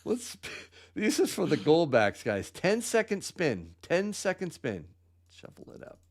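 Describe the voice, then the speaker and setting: A man's voice: on the high side, huge pitch swings, a little slow. A man hosting a live podcast giveaway, upbeat and laughing often as he calls out winners' names. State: out of breath. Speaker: podcast host. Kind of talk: livestream giveaway chat.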